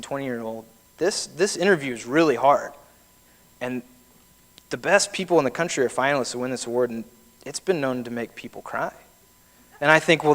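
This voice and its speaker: Telling personal stories in a conversational keynote, this thirty-something speaker has a mid-range, slightly bright voice. The long reverb of a big hall hangs on his words.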